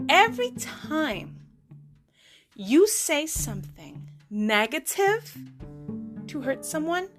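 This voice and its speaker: Woman, podcast host, sassy animated storytelling, high voice, music in background. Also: takes it slowly, long pauses. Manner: sassy, animated, playful slang. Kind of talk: casual storytelling monologue.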